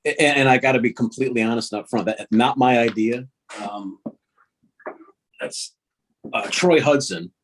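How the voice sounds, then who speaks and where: A man's voice: mid-range voice, slightly rough. A middle-aged man from the northern United States, a voice actor being interviewed on a podcast, talking casually with many restarts. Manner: halting, many restarts and laughs. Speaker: voice actor guest.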